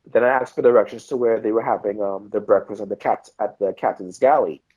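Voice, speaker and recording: A man from Trinidad and Tobago, a podcast guest telling animated travel anecdotes and acting out the people he met. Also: lowish voice, a little fast, slightly rough. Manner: animated, acts out quoted voices. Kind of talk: casual storytelling chat.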